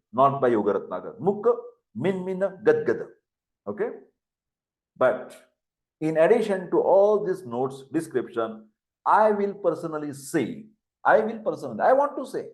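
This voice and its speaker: An older man with an Indian English accent, giving a lecture, who repeats terms and spells words out for dictation. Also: fairly high pitch. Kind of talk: classroom lecture. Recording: echoey room.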